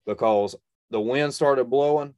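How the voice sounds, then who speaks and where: A man's voice: mid-range voice, a little slow, darkish tone, no room sound. Earnest man telling a story, dry sound. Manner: emphatic and earnest, repeats phrases for stress. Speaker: hunter and video creator, guest. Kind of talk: telling a personal story in a conversation.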